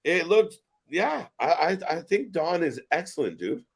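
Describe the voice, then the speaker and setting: Male stream co-host, lively up-and-down delivery, jokey and profane. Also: fairly high pitch, unhurried, gravelly, husky. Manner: joking, laughs often, swears freely. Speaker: co-host of a wrestling watch-along stream. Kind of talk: casual live-stream commentary.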